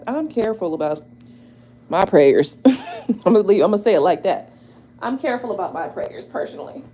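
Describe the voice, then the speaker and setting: A woman, hosting a casual chat to her viewers, animated, exclaiming and laughing as she talks. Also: high-pitched. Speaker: tarot channel host.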